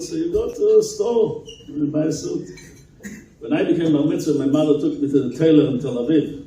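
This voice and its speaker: Male rabbi, animated storytelling speech, mellow voice, very echoey hall, heard from far off. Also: on the high side. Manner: animated storyteller, chuckles at his own story, rises to emphatic peaks. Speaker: rabbi giving keynote speech. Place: event hall in Israel.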